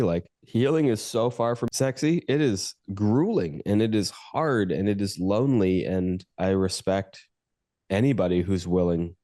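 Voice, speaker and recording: Deep, dark-voiced sincere man. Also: dry recording, clean studio sound. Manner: heartfelt, reflective, sincere. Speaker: podcast host and coach. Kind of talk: casual conversation.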